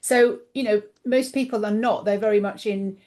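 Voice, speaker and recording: A woman guest on a podcast, chatting casually about her coaching work, animated and acting out the voices she quotes, her voice getting a little tired. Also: medium pitch, normal speed. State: voice tiring, clears throat. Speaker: guest, intuitive coach and author.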